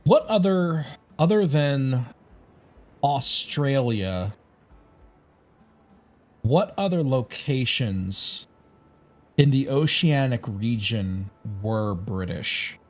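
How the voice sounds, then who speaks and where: A man's voice: medium pitch, lively intonation, drawn-out words, pauses often, faint music behind. An American man streaming a game, musing aloud in a rambling, casual way with many fillers and some swearing. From United States. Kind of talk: casual live-stream chat while playing.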